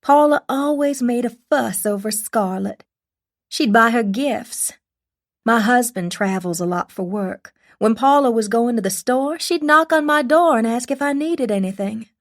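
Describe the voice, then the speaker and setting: A woman doing a gentle Southern young mother. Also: fairly high pitch, pitched above the performer's own voice. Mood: confiding. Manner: slow, gentle, confiding.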